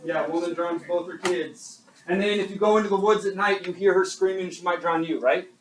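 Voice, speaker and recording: Male teacher, young adult, high voice, chatty and self-mocking, quizzing the class, distant mic in a classroom, faint hiss. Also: steady tone, a little fast. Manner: chatty, self-deprecating, asks the class questions. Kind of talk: classroom lecture.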